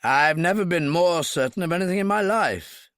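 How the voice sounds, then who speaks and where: A man's voice: fairly high pitch, expressive, moderate pace, fairly bright tone, clear, resonant tone, no echo, pitched above the performer's own voice. A man doing a dry, commanding old brigadier. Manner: clipped, wry, authoritative. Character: gruff elderly British brigadier, dry and commanding.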